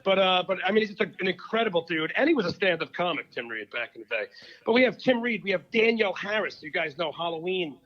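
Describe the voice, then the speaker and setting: High-voiced joking comedian, lo-fi sound. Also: male voice, fast. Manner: jokey, rambling, excitable. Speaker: guest comedian. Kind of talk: casual chat. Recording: dull lo-fi sound.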